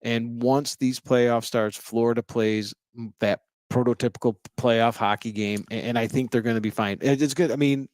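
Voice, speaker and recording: A middle-aged man co-hosting a casual hockey podcast, opinionated and measured as he lays out predictions. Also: medium pitch, steady tone, darkish tone, dry recording. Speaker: podcast co-host.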